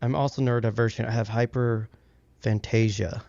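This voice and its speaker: A man's voice: mid-range voice, fairly even intonation, moderate pace, creaky, warm tone, no room sound. A man teasing the host and reading chat comments aloud during a live stream. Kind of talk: casual joking chat. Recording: dull, lo-fi sound.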